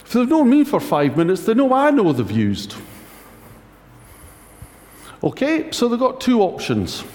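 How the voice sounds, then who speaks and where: A man's voice: very high-pitched, huge pitch swings, unhurried, darkish tone. A man preaching a conversational sermon, wry and anecdotal with self-mocking humour. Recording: echoey hall reverb.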